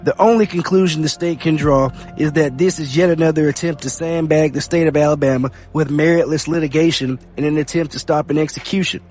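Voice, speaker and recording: A man hosting a podcast, reading news reports aloud in a steady read-aloud delivery. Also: a little high, a little fast, few pauses. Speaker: podcast host. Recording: faint music bed behind.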